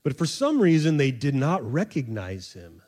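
A man preaching a sermon in a conversational, joking way, acting out voices and laughing at himself. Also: normal speed. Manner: animated, acts out voices of the disciples with sudden high squeaks. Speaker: pastor.

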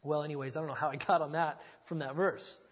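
This pastor's slightly high voice has a breathy edge and fairly even intonation, and he talks fast. Preaching an expository sermon in a folksy, conversational way, he repeatedly restarts words as he thinks, with a large hall's long reverb in the background.

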